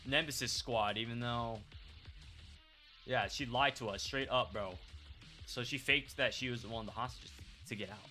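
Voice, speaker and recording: A young man streaming a video game playthrough, talking in a rambling, excitable way with lots of fillers. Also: mid-range voice, moderate pace, faint music behind. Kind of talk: live gameplay commentary.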